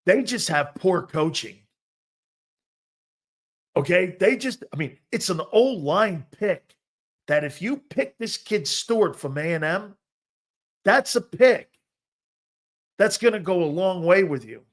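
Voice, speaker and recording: A man hosting a live sports talk show, loud and jokey, talking straight to his viewers. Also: high voice, expressive, takes it slowly, pauses often. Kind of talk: live-stream sports talk reading chat.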